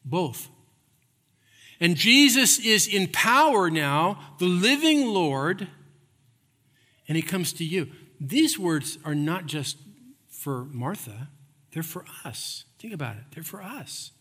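A man preaching a sermon, emphatic, repeating phrases and swinging between loud and hushed. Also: sits high, big pitch swings, slow pace, long pauses, long reverb tail. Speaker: pastor.

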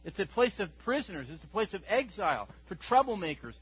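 A man preaching an Easter sermon as pastor, moving from hushed scripture reading to loud exclamations. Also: high-pitched, sing-song, brisk, husky. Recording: dull lo-fi recording with faint hum.

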